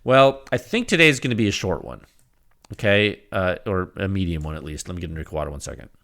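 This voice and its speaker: A man hosting a casual solo podcast, rambling and animated, with frequent restarts, laughs and acted-out quoted exchanges. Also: sits low, fast talker. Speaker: podcast host.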